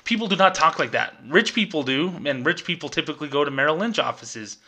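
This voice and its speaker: Sarcastic ranting man with a bright edge. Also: fairly high pitch, lively intonation, fast, a little hiss or hum. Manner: sarcastic, exasperated, mocking corporate phrasing. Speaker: podcast host, former bank employee. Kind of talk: ranting commentary.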